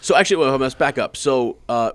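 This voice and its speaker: A man's voice: medium pitch, lively intonation, fairly quick, smooth, no echo. Laughing, stumbling podcast co-host man. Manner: laughs often, stumbles over names. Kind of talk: casual chat about a book.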